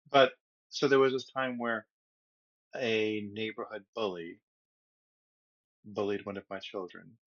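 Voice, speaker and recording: Husky middle-aged man telling a rambling story. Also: medium pitch, muffled recording. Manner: rambling, animated storyteller with many restarts. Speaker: podcast co-host. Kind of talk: casual storytelling chat.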